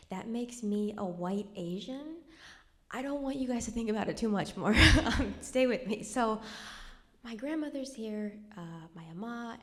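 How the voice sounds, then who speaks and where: A young woman telling a true personal story live on stage at a cultural center, in a wry conversational way that drops to a near whisper at somber moments. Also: medium pitch.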